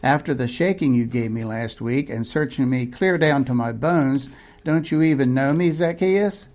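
A man's voice: medium pitch, normal speed, darkish tone, lightly acted. Man as a former cripple, now healed: insistent, joyful.

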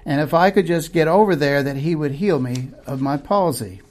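A man's voice: on the high side, normal speed, darkish tone, lightly acted. A man voicing an eager, earnest male villager healed of palsy, making urgent appeals.

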